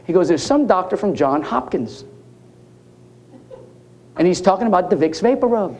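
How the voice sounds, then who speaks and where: A man's voice: high voice, very animated, moderate pace, long pauses, darkish tone, muffled recording, slight background noise. A man giving a conference talk, telling jokey stories and talking straight to the audience. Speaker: keynote speaker. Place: conference hall.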